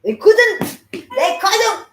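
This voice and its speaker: A woman telling a story in casual chat, animated and profane, acting out what people said. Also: very high voice, extremely slow, a little hiss or hum. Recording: echoey room.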